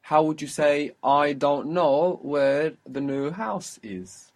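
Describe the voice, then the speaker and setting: A man's voice: on the high side, slow pace, darkish tone. A man teaching a spoken language lesson, patiently explaining pronunciation and prompting his student.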